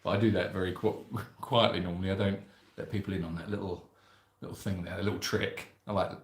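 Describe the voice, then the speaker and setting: A man's voice: low voice, fairly even intonation, fast. Chatty man reading out greetings. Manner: chatty, jokey, reads out viewer greetings. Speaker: sanctuary co-host reading live chat. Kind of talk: casual live-stream chat. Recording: roomy echo.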